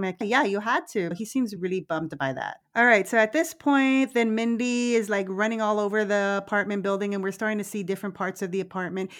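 A woman on a podcast runs through a movie's plot in loose, casual talk. She is lively and profane, drops curses without a pause, and laughs at her own asides. Her voice sits at a middling pitch for a woman. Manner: animated, swears freely, laughs easily. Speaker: podcast co-host.

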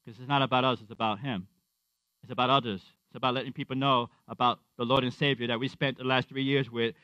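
A man's voice: medium pitch, steady tone, fast talker, bright, forceful tone, no echo, dull audio. A man preaching a conversational sermon, repeating his refrains and acting out quotes.

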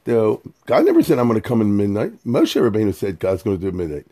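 This Torah teacher's voice is mellow and warm, fairly low in pitch, and his delivery is fast. Leading a casual scripture lesson, he renders Hebrew verses into everyday English in a relaxed, conversational manner. Now and then he starts a phrase over, repeating a word before continuing.

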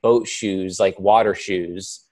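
A man with a somewhat low voice co-hosts a relaxed podcast conversation. He tells stories in an animated way, padding his sentences with plenty of fillers. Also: slow pace. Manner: animated storytelling with many fillers. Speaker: podcast co-host. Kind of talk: casual chat.

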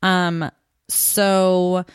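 A woman's voice: on the low side, little pitch movement, drawn-out words, clean tone. A woman hosting a podcast, casually recapping a TV episode in a giggly, rambling way with lots of fillers. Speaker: podcast host.

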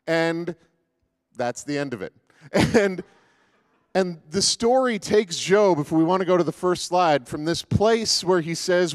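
A man's voice: sits high, animated, a little slow, dry recording, studio quality. A man giving a casual, joking sermon as pastor, with many fillers and restarts.

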